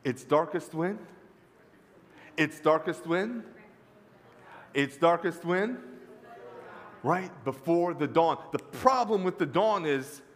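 A male pastor preaches to his congregation with an emphatic, storytelling delivery. His fairly high voice swings widely in pitch. The long reverb of a church sanctuary trails each phrase. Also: animated, takes it slowly, pauses often. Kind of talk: sermon.

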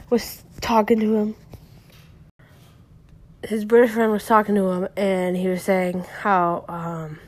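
A young adult woman casually recapping a podcast episode, rambling with lots of fillers and self-corrections. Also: fairly low pitch. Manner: rambling, heavy use of "like" and "um", frequent self-corrections.

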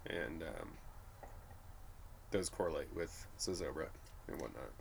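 Deep voiced guy from new mexico, laid back chat, lots of uh and um. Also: unhurried, creaky, a little hiss or hum. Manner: relaxed, laughs easily, many fillers. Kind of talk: casual conversation.

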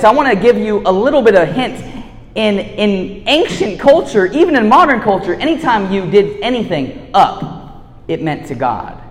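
A man giving a casual sermon, laid-back and slangy, swinging between hushed and loud. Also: high-pitched. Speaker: preacher. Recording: echoey hall reverb.

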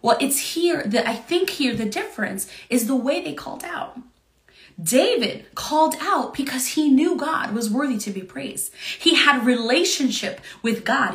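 High bright-voiced woman doing an earnest bible teaching, echoey room. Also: measured pace. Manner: earnest, expressive, repeats phrases.

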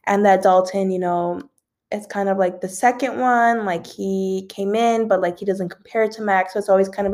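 A woman's voice: mid-range voice, darkish tone. A young woman hosting a casual celebrity gossip show, rambling with lots of fillers and the odd yawn. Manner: rambling, filler-heavy, yawns now and then. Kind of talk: casual chat.

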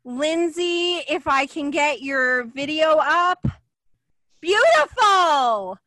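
Livestream host, woman, emotional and rambling; bright tone, dry close sound. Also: sits high, slow pace, dry recording. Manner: emotional, chatty, many fillers. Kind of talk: casual livestream chat.

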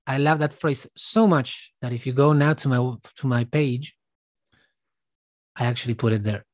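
Earnest man talking haltingly, dry sound. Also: mid-range voice, dry recording. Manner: earnest, halting, with frequent restarts. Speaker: vlogger. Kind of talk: reflective commentary to camera.

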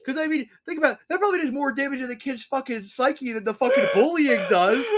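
A man's voice: extremely high pitch, fast, a bit bright. A man hosting a podcast, ranting casually with constant swearing and acting out the voices of the people he quotes. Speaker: podcast host. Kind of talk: casual profane rant.

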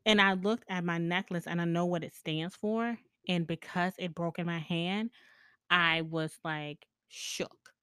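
A woman's voice: fairly low pitch, steady tone, a little slow, a bit bright, clean tone, dry recording. Chatty woman podcast host, dry sound. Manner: candid and chatty, laughs often, swears freely. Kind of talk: casual storytelling monologue.

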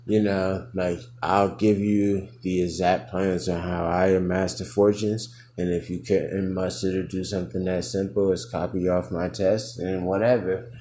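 A young man with a very deep voice rambles drunkenly through a casual solo podcast, swearing and laughing as he goes. He sounds like he is in an echoey room with a faint hum of ambience behind him. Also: flat delivery, measured pace, few pauses, dark tone. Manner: rambling, profane, laughs often, says he is drunk. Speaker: podcast host.

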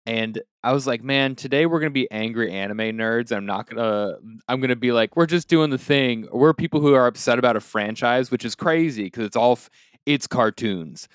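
A man's voice: mid-range voice, moderate pace, clean tone, no room sound, studio quality. A young man co-hosting a podcast, casually recapping an anime episode with jokes and fillers. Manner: joking, rambling recap with fillers. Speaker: podcast co-host.

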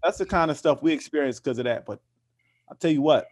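A man with a slightly high, somewhat mellow voice speaks fast as an activist guest in a casual interview. He talks passionately and with emphasis, often repeating words as he builds toward a point.

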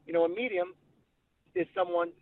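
This high-voiced man talks at a moderate pace, with no room sound but a tinny, phone-like quality. Working as a psychic medium, he spins lively anecdotes in an interview and acts out each quote.

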